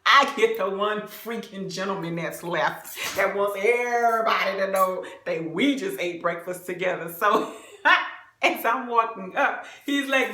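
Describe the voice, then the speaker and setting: Animated young woman telling a funny story. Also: mid-range voice, unhurried. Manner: animated, laughing, confiding with viewers. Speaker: vlogger. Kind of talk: comic storytelling. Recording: roomy echo.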